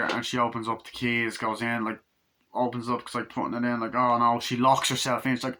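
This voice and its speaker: A man giving a casual, rambling movie review, swearing often and acting out scenes in quick put-on voices. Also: medium pitch. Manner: excited, rambling, swears a lot, acts out scenes.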